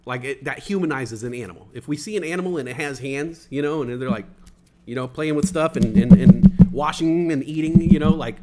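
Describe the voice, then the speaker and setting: A man's voice: a little high, brisk, background noise. A young man casually telling a rambling story on a stream, full of fillers and acted-out quotes. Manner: rambling, many fillers, acts out other people's voices.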